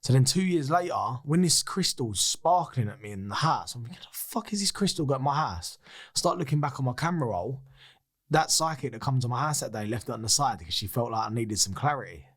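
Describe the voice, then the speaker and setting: A man appears as a podcast guest telling a personal story candidly and casually, swearing freely and acting out what other people said. His mid-range, slightly rough voice runs a little fast in an animated, excitable retelling.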